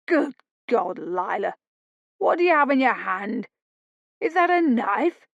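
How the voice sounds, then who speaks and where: A woman voicing an angry shouting brute of a man. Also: fairly high pitch, fairly even intonation, normal speed, dry recording, lo-fi sound, natural voice. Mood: shocked. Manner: shouted, loud. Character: angry shouting male brother, threatening.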